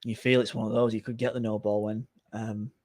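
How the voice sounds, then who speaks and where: A man co-hosting a live cricket watchalong, chatting quickly and casually, often checking for agreement with tag questions. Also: lowish voice, level tone, a little mellow, no room sound, clean studio sound. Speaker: cricket podcast co-host.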